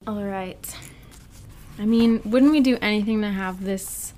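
A woman's voice: mid-range voice, a little slow, slight background noise. A woman hosting a chatty podcast, talking casually and often laughing as she reads a transcript aloud. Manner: animated, laughs often while reading. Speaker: podcast host.

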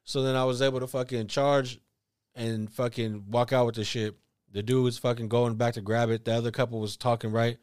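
A man's voice: mid-range voice, little pitch movement, brisk, a little mellow, clean tone, dry recording, clean studio sound. A man telling rambling, profane stories in casual podcast chat. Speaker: podcast co-host.

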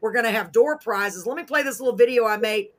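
A woman hosting a live talk show, chatting casually in an excitable, goofy, rambling way and correcting herself as she goes. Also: on the high side, fast talker. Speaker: host of a live radio and web talk show.

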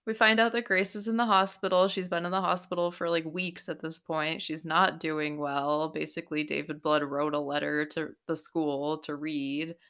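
A woman's voice: deep voice, flat delivery, normal speed, few pauses, a bit bright, smooth. A young woman recapping a TV episode in casual, chatty talk, swearing freely and breaking into exclamations. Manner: chatty and profane, exclaiming in bursts. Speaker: TV recap host.

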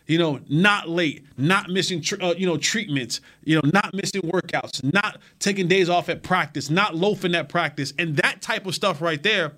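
A man's voice: sits high, pushed and bright. A man hosting a sports talk show, speaking casually and animatedly, often repeating words as he builds his point.

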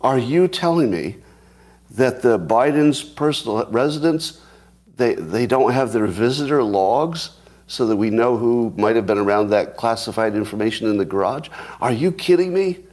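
A man's voice: medium pitch, moderate pace, darkish tone. A man giving solo commentary on news headlines, sarcastic, with mock outrage, restarts and chuckles. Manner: thinks aloud with restarts, chuckles. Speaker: commentary host.

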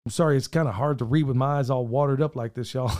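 A man's voice: medium pitch, quick pace, a little mellow. A middle-aged man, co-hosting a podcast in earnest, rambling casual chat, his voice wearing thin. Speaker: podcast co-host.

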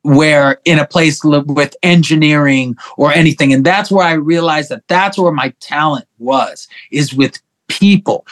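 A middle-aged man telling stories as a guest on an interview show, animated and profane. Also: fairly high pitch. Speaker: guest musician. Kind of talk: casual interview chat.

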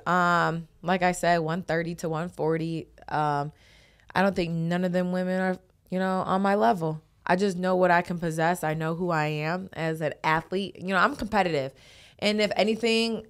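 A young woman with a low, smooth voice talks casually as a podcast guest. She tells animated stories and boasts with brash confidence. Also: moderate pace. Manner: animated storytelling, confident trash talk. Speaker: boxing champion guest. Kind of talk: casual interview chat.

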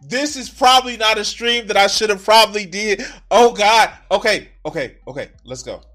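A man's voice: sits high, normal speed, fairly bright tone. A man streaming his reactions, swearing often and breaking into heated, mocking rants. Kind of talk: casual profane reaction commentary.

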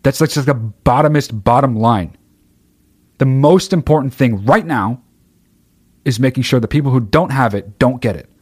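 A man's voice: mid-range voice, moderate pace, breathy edge, no echo. Profane ranting man, dry close sound. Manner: heated, swears constantly, bursts of shouting. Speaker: livestreamer reading chat. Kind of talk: profane livestream rant.

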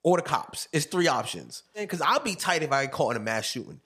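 Husky young man with lively, laughing chat. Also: a little high, brisk. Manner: laughs often, animated storytelling. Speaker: podcast host. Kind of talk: casual chat.

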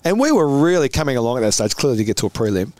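A man with an Australian accent, a podcast guest telling lively anecdotes and laughing often. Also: mid-range voice, very fast, no room sound. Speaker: podcast guest, former footballer. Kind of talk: animated storytelling chat.

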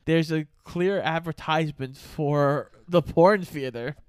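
Co-host, casual film talk, wry asides, smooth mid-pitched voice. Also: slow pace, dry recording, clean studio sound. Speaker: podcast co-host. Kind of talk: casual chat, film review.

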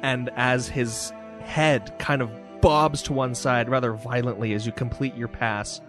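A man's voice: mid-range voice, fairly even intonation, measured pace, music in the background. A man narrating a tabletop game as game master, describing scenes vividly with casual fillers.

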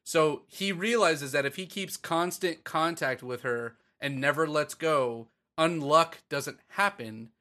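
A man in casual podcast chat, excitedly and profanely retelling a story to his co-host. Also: on the high side, a little slow, hardly any pauses.

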